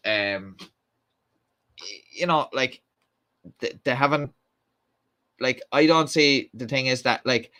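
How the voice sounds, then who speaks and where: A man's voice: medium pitch, pushed and bright. Rambling Irish man reading comments. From Ireland. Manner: rambling, many fillers and restarts. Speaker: live stream host. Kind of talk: casual chat reading comments.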